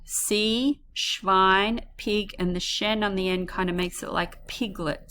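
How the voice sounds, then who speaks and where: Slow, encouraging woman teaching German words. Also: mid-range voice, sharp tone. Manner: slow, drawn-out modelling of words for repetition; encouraging, addresses pupils as guys. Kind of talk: classroom language lesson.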